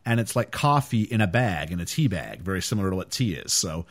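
A man's voice: low-pitched, very animated, fast. A man hosting a podcast, chatting casually and animatedly about a film, with frequent fillers. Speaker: podcast host.

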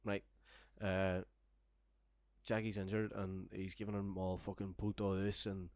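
A man's voice: sits low, level tone, a little slow, darkish tone, no echo. A young man telling a long, rambling, sweary story in casual chat, laughing as he goes. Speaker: storyteller guest. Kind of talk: casual podcast anecdote.

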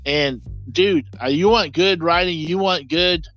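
A man's voice: a little high, unhurried, fairly bright tone. A man co-hosting a podcast, talking in a rambling, enthusiastic way with lots of fillers. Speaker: podcast co-host. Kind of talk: casual chat. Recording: dull lo-fi sound with faint music.

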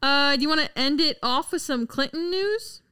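A woman's voice: high-pitched, normal speed, sharp tone, no room sound, studio quality. A woman co-hosting a casual political podcast, joking and swearing, and reading news items aloud. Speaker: podcast co-host.

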